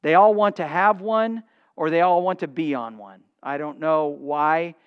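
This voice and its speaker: An older man preaching a sermon as pastor, emphatic, with dramatic pauses and acted-out exchanges. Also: a little high, smooth, lo-fi sound.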